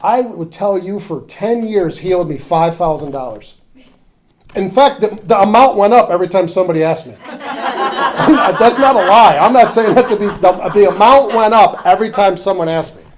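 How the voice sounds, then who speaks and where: A man's voice: high-pitched, moderate pace. A man speaking at a recovery workshop, telling his story in a confessional way and acting out the conversations in it. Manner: confessional, drops to a near whisper in tender moments; animated when acting out conversations.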